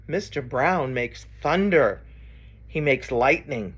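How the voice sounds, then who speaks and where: A woman's voice: extremely low pitch, expressive, slow, breathy edge, highs cut off. A woman reading a picture book aloud for story time, playfully acting out the noises and coaxing children to join in. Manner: playful, acts out animal and sound noises, coaxes listeners to join in.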